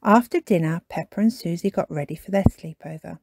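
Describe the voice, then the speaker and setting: A woman storyteller reading a children's storybook aloud with an expressive delivery. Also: lowish voice, gravelly, husky, dry recording. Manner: slow and expressive.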